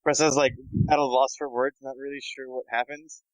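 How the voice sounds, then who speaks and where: Casual halting man at a game table. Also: mid-range voice, flat delivery, smooth, no room sound, rough recording. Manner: casual, halting, with many fillers. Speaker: player.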